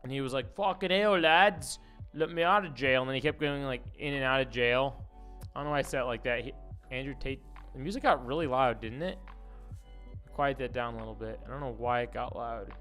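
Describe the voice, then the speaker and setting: A man's voice: mid-range voice, fairly even intonation, a little fast, a bit bright, soft background music. A man streaming casual commentary, rambling, swearing and reading posts aloud.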